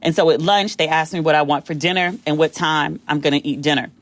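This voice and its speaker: A woman's voice: fast, no echo. American woman podcast host, chatty storytelling, voice jumps way up when she acts stuff out, dry close mic. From United States. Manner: animated, acts out quotes with big pitch jumps. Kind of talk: casual storytelling monologue.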